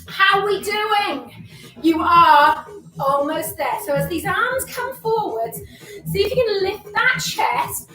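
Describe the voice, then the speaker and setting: An extremely high, bright, forceful voice belongs to a woman running a live online exercise class from a home room. Somewhat out of breath, she encourages, counts down and chats, with the mic set far away amid echo and faint background music.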